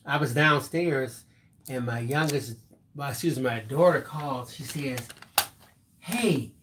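Animated middle-aged man telling a story. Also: medium pitch, measured pace, slight background noise. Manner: animated storyteller, mimics voices with laughter. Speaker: co-host, reads viewer comments. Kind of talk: casual storytelling.

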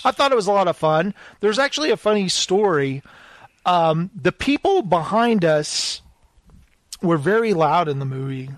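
A man with a high, very lively voice chats on a podcast, acting out the people in his stories as he goes. The sound is dry and close, with no room around it. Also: moderate pace, no echo. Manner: animated storyteller, acts out quoted voices. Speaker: podcast co-host. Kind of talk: casual chat.

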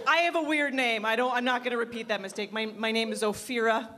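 A woman in her thirties doing a stand-up comedy routine in a club, telling dry, self-deprecating stories and jumping up in pitch for quoted people. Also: background noise. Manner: quick animated voices for quoted people.

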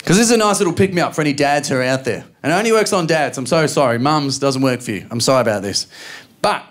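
A man in his thirties with an Australian accent, performing a stand-up comedy routine and acting out quick voices of his family. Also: medium pitch, lively intonation. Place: live comedy venue with audience laughter.

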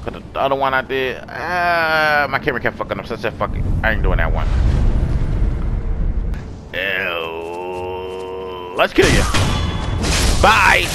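A man giving excitable, profanity-laced let's play commentary, talking back to the enemies he fights. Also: mid-range voice. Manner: excitable, swears a lot, talks to enemies. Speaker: gamer. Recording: background music.

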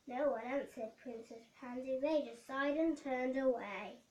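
A woman reading a children's bedtime story aloud in a gentle, careful way. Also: high-pitched, measured pace, distant mic, lo-fi sound. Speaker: storybook reader. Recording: roomy echo.

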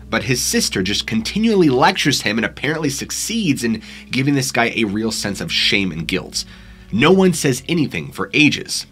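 A man narrating scary stories from the woods in a conversational way, pitching up and getting louder at tense moments. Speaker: narrator and channel host.

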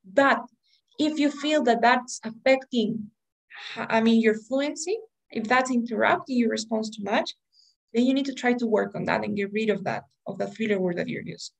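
High-voiced woman teaching a class. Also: moderate pace, gravelly, low-quality recording. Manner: explanatory, asks "right?" often. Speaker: English test prep teacher. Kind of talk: online class lecture.

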